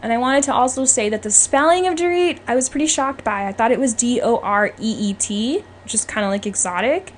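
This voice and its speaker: A woman's voice: high-pitched, animated, quick pace, few pauses, slight background noise. A young woman hosting her own podcast, chatting casually and full of opinions, often tagging "okay?" onto her points. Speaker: podcast host. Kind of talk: casual solo podcast chat.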